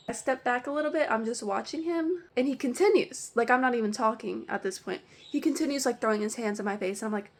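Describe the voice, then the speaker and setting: A woman vlogger telling a ranting storytime about her work, animated and full of "like". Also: fairly high pitch, quick pace, few pauses. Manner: animated, heavy use of "like". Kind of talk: storytime rant.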